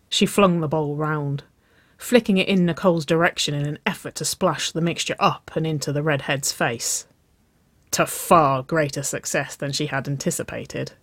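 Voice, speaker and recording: Story narrator, soft even reading, middle pitch, dry close recording. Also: dry recording. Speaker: audiobook narrator. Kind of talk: reading romance fiction aloud.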